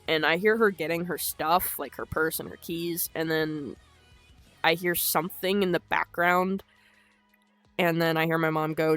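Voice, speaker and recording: A woman's voice: sits low, normal speed, a bit bright, no room sound, soft background music. A woman telling a personal story unscripted, in a blunt, rambling and emotional way, swearing a lot.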